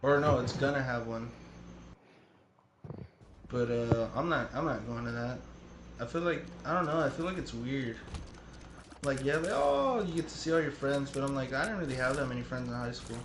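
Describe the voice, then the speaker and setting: A man's voice: mid-range voice, animated, moderate pace, pauses often, roomy sound, background noise. A man in his early twenties chatting casually, telling rambling stories and swearing freely. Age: 20s. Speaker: streamer. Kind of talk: casual chat.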